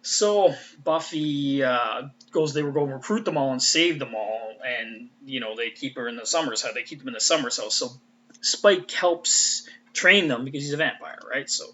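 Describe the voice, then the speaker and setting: A man's voice: medium pitch, moderate pace, pushed and bright, muffled recording, a little hiss or hum. A man giving a casual, rambling fan recap. He swears freely and often trails off and restarts. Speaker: fan commentator.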